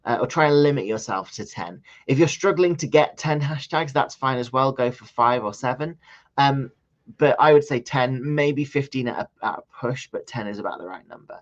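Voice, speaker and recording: A man leading a training session on social media marketing, talking it through in a loose, conversational way with frequent ums and restarts. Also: medium pitch. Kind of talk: live online training session. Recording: slightly dull lo-fi audio.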